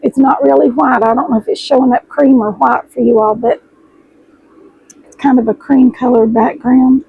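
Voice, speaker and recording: Hoarse, gushing woman, gravelly voice. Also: high voice, fairly even intonation, moderate pace, phone-quality sound. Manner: chatty, gushing, addresses viewers as y'all. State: hoarse, losing her voice. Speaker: sewing vlogger host. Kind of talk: casual chat while unboxing fabric.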